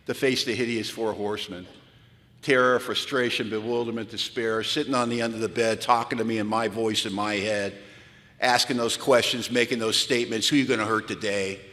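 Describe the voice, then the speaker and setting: A man's voice: medium pitch, fairly bright tone. A man speaks candidly to a live crowd, mocking himself and telling his story with drama. His voice sits in the middle of the usual range. A long hall reverb trails behind every line. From United States. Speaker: recovery speaker. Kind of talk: storytelling talk to a live audience. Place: large hall.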